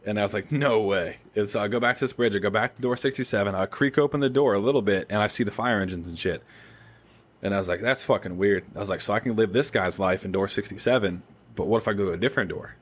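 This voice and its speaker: Low-voiced man telling a dream story. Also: quick pace. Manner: animated storytelling, swears freely. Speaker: podcast host. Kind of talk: casual chat.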